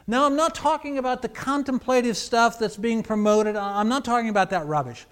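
A pastor delivers a sermon in a high, light male voice. He drops to near-hushed phrases, then rises to emphatic, forceful passages. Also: brisk, smooth. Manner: preaching with swings between hushed and emphatic.

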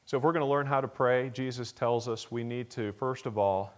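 A male pastor delivering a Sunday sermon in an earnest voice of ordinary middle pitch. He presses hard on key phrases, then lets his voice fall low and quiet. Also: brisk. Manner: earnest, builds to emphatic peaks then drops low and soft; acts out a child's pleading voice in a story.

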